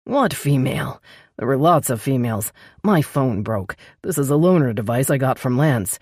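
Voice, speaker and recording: A woman narrator voicing a gruff, angry male vampire who speaks in a low growl. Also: lively intonation, moderate pace, darkish tone, no room sound, clean studio sound, exaggerated voice.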